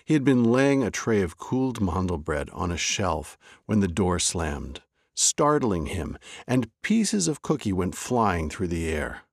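A male host narrating a folk tale with a deep, slow voice. His pitch rises and falls expressively in a wry, measured storytelling manner. The recording is close and dry. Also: big pitch swings, no room sound.

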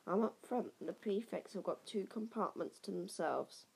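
A woman's voice: medium pitch, expressive, moderate pace, creaky, breathy edge, exaggerated voice, poor audio. A woman voicing a pompous, self-important teenage boy prefect in a storybook reading.

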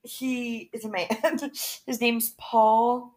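A woman's voice: a little high, level tone, very slow, crowd noise. A young woman co-hosting a podcast in casual chat, talky and full of fillers. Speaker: podcast co-host.

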